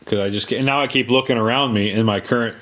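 A man's voice: mid-range voice, fairly even intonation, quick pace, a bit bright. A man in casual chat, telling rambling stories with many fillers and restarts.

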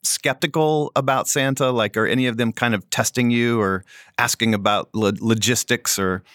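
A man's voice: mid-range voice, steady tone, moderate pace, a bit bright, dry recording, clean studio sound. A man interviewing a guest, asking curious, prodding follow-up questions in a casual way.

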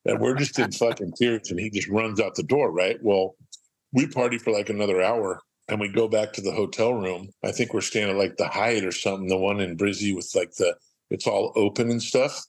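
A man's voice: lowish voice, brisk, breathy edge, poor audio. A middle-aged man from Southern California, a podcast guest, telling rambling, profane anecdotes and acting out the quotes. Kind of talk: casual storytelling.

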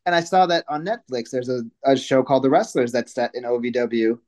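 A man's voice: mid-range voice, brisk, a little mellow. A man, a wrestling guest on a podcast, chatting casually and laughing often between stories. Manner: laughs often, slips into joking put-on voices.

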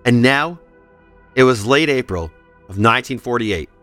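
A man's voice: mid-range voice, lively intonation, moderate pace, a bit bright, soft background music. A man hosting a history podcast, reading scripted narration and breaking off for playful personal asides.

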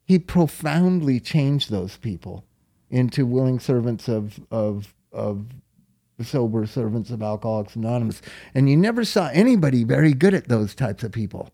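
A man's voice: medium pitch, expressive, normal speed, vocal fry, dark tone. A man in casual conversation, telling rambling stories and swearing freely. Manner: profane, rambling storyteller. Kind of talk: casual chat.

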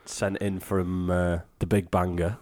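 A man's voice: sits low, flat delivery, unhurried, a little mellow. A man, co-hosting a podcast and firing off crude jokes. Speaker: podcast co-host. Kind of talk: casual banter.

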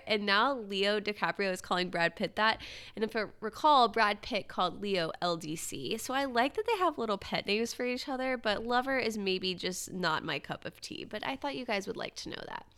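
A woman's voice: mid-range voice, animated, normal speed, pushed and bright, clear, resonant tone. A young woman hosting her own podcast in casual solo chat, with uptalk and a valley girl way of speaking. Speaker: podcast host.

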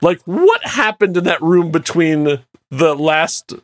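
A man co-hosting a casual movie commentary chat, animated and laughing often, with lots of fillers. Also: on the high side, slow. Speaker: podcast co-host.

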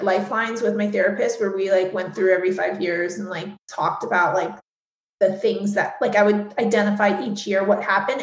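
A woman's voice: medium pitch, roomy sound, poor audio. A woman guest speaking candidly in an interview, frank and full of "like" fillers, swearing freely.

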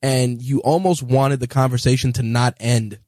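A man's voice: mid-range voice, fairly even intonation, darkish tone, dry recording. Upbeat male podcast host, dry. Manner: enthusiastic, quick short reactions. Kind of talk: casual chat.

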